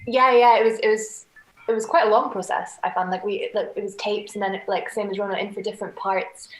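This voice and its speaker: Soft Scottish woman in an echoey room. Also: medium pitch, steady tone, brisk. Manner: rambling, lots of "like", soft-spoken. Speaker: actress, interview guest. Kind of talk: casual video-call interview. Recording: echoey room on a video call.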